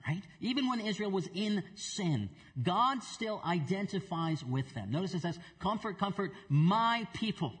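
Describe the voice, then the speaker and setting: Earnest pastor, slightly high voice, reverberant hall. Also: male voice. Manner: earnest, repeats words for emphasis, asks the congregation questions. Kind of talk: sermon with opening prayer. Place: church sanctuary.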